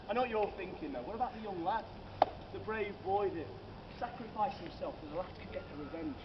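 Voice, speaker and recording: The guide's high-pitched voice swings widely in pitch at a measured pace, picked up by a distant mic. Leading a comic ghost walk on city streets at night, he entertains with theatrical, jokey stories, calling everyone sir and madam, over loud street noise in a lo-fi recording.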